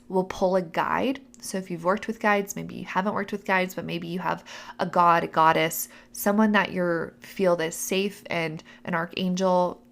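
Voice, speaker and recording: A young adult woman hosts her podcast, telling a personal story in a relaxed, chatty way. Her voice sits low and has a gravelly, fry-heavy texture. She slips into little acted-out voices when she quotes people. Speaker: podcast host. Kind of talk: casual storytelling.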